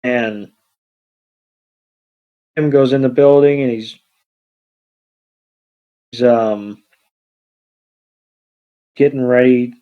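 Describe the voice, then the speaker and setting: A man co-hosting a podcast who retells a film scene by scene. He talks slowly, with halting pauses and fillers. His middle-pitched voice comes through dull, lo-fi audio. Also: steady tone. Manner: unhurried, halting narration with fillers. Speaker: podcast co-host. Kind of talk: casual movie recap chat.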